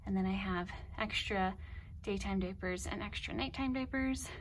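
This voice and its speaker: Breathy, out-of-breath young woman. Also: mid-range voice, unhurried, a bit bright. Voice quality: breathy, half-whispered at times. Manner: chatty, explaining as she goes. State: out of breath, pregnant. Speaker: vlogger. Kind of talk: casual room-tour walkthrough. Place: indoors in a child's bedroom.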